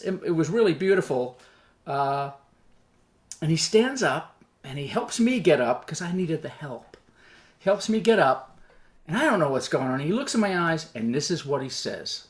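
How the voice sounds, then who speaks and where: On stage, a man tells a personal story in an animated, self-deprecating style, acting out the dialogue as he goes. His voice is on the high side, and he speaks at a normal speed.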